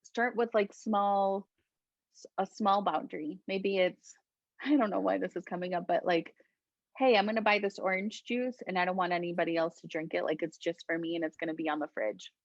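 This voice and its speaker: A woman from Colombia, a guest healer, talking gently and reflectively in a casual interview, often laughing. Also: on the low side, steady tone, normal speed, no room sound, lo-fi sound.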